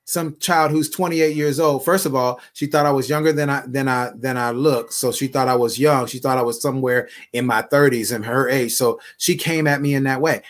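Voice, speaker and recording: A man's voice: mid-range voice, steady tone, moderate pace, hardly any pauses. A middle-aged man, a bishop and online pastor, speaking in an emphatic, conversational way on a live prayer broadcast and repeating his phrases.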